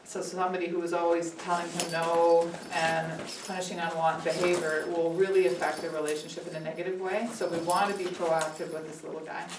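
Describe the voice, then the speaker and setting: A woman puppy trainer calmly explaining training exercises to owners. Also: lowish voice, a little fast, hardly any pauses. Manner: calm, steady instructive tone. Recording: echoey room, distant mic, faint noise.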